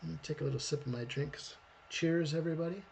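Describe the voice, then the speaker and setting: A man's voice: on the high side, fast talker, vocal fry, a little mellow, a little hiss or hum. A man hosting a live storyboard drawing stream, chatting casually and thinking aloud as he draws.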